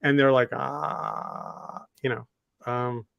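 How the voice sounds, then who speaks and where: A man co-hosting a podcast, speaking in a somewhat raised pitch for a male voice. He tells reflective anecdotes in a rambling, conversational way, full of fillers and restarts. The sound is dry and close, with no room around it. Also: moderate pace, dry recording, highs cut off. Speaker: podcast co-host. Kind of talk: casual discussion.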